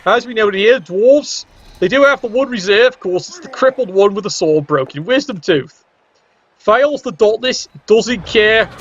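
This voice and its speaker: High-voiced man commentating a game. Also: fairly bright tone, lo-fi sound. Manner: chatty, joking asides to the chat.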